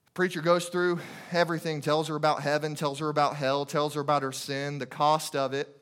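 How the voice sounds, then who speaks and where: A man's voice: a little high, flat delivery, brisk, a bit bright, smooth. A man preaching a sermon, telling a story with emphatic, repetitive urgency.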